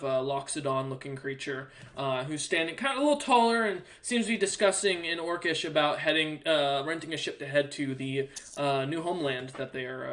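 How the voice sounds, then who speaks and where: A man narrating a tabletop game as game master, halting with many fillers. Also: a little high, fairly bright tone.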